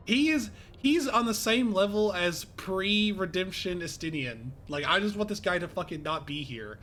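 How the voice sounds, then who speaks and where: Male streamer, casual live reaction, excitable and profane, voice on the high side. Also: moderate pace, few pauses, faint music behind. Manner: excitable, swears, laughs often.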